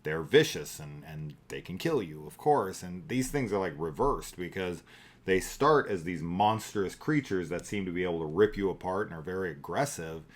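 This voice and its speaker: A man's voice: deep voice, animated, normal speed. A middle-aged man co-hosting a casual movie review chat, rambling and thinking aloud with many fillers. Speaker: podcast co-host.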